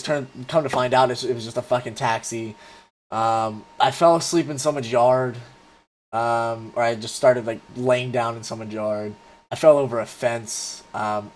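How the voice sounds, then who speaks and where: Man, twenties, casual storyteller; rambling and profane, full of fillers. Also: mid-range voice. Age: 20s. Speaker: vlogger.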